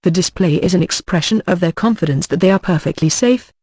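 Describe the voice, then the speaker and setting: A man giving first-person audiobook narration in a steady, even reading voice. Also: high-pitched, fairly quick, no echo.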